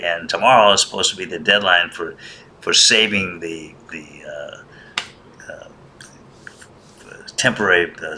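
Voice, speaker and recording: A man's voice: low-pitched, pushed and bright, a little hiss or hum. A man hosting a casual monologue, rambling and wry, grumbling in a joking way. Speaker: host.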